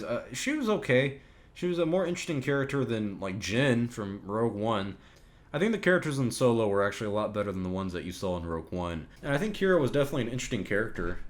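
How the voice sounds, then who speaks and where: Brief: male podcast host, mid-range voice, blunt and opinionated, casual solo Q&A delivery. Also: medium pitch. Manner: opinionated, swears when ranting. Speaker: podcast host answering viewer questions.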